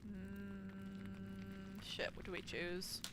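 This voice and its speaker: A young woman streaming a game, excitable, swearing and yelling at what happens on screen. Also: mid-range voice, drawn-out words, heavy background noise. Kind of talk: live game stream commentary.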